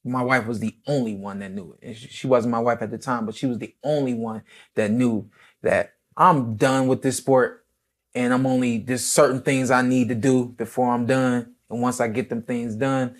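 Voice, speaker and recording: Relaxed man telling a story. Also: mid-range voice, moderate pace. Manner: relaxed, reflective, quotes himself and others. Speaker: retired boxer guest. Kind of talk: casual storytelling interview.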